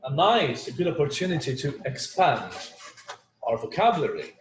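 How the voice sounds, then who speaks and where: An online English teacher, originally a Portuguese speaker, talks at a moderate pace in a fairly high, sing-song voice, full of "like" and "you know." Slight background noise and faint ambience fill his echoey room.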